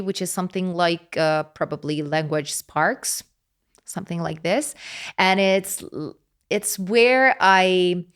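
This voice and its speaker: Italian-accented woman with a smooth voice. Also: medium pitch. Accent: Italian, Roman. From Rome, Italy. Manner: expressive, lively storyteller with frequent hesitations. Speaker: polyglot content creator guest. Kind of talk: casual interview chat.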